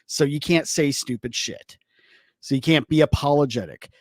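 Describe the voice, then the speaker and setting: A man's voice: on the high side, moderate pace, no room sound, studio quality. A man co-hosting a podcast, explaining his reasoning in a rambling way. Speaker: podcast co-host. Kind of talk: casual commentary chat.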